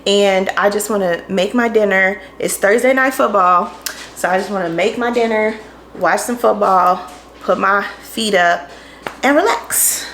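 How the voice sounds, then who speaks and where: Chatting to her vlog camera on a tripod, a young woman in her home kitchen sounds tired and breathless and laughs a lot. Her voice sits in the mid-range, the background is noisy, and the kitchen gives a roomy echo.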